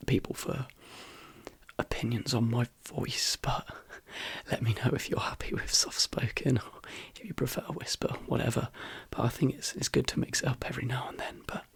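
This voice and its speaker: A man hosting a soft-spoken ASMR video in a croaky, hoarse half-whisper, rambling easily between fillers. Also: mid-range voice, fairly even intonation, moderate pace, dry recording. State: hoarse, voice worn out. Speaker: ASMR channel host.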